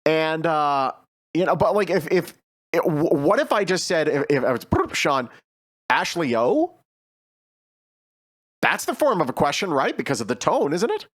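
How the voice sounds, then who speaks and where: Animated male chat show host. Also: fairly high pitch, fairly quick, dry recording, studio quality. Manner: animated, rambling, frequent restarts. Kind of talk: casual chat show banter.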